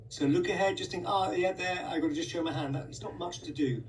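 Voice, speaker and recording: A man coaching a conducting student, talking with a somewhat high voice and breaking into sung syllables to mark rhythms. He is direct and coaxing. The mic sits away from him, with a light hiss behind. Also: fast talker, distant mic, poor audio. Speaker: conducting teacher. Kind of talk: one-on-one conducting lesson.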